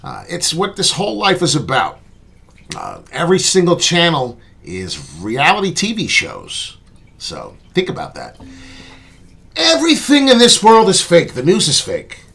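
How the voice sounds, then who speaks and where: A man's voice: a little high, big pitch swings, a little slow, gravelly, pushed and bright, breathy edge. A man hosting his own crypto channel, talking earnestly and bluntly off the cuff, rambling with lots of "uh" and "right?" and swearing freely. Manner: profane, blunt talk. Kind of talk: off-the-cuff vlog monologue.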